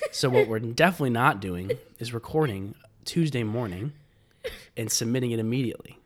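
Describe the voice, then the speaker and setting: A man's voice: mid-range voice, brisk. A man co-hosting a faith podcast in casual chat, joking and playful. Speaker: podcast co-host.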